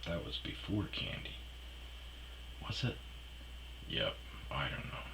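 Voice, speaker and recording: A man's voice: extremely low pitch, very animated, takes it slowly, noisy background. A man telling a rambling personal story in a casual, profane way, trailing off with fillers. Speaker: storyteller host.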